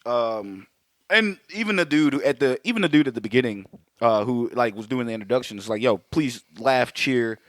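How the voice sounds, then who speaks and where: A man's voice: mid-range voice, expressive, a little fast, no echo, clean studio sound. A man co-hosting a podcast, telling stories in casual chat, swearing freely and laughing often. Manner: profane, storytelling, laughs often. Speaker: podcast co-host.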